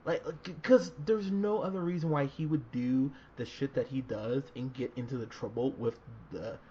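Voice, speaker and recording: Swearing, laughing and leaning on plenty of fillers, this movie podcast co-host keeps the chat casual and animated. He speaks at normal speed in a mid-range voice that's dark and slightly rough. The audio is dull and lo-fi, with faint noise.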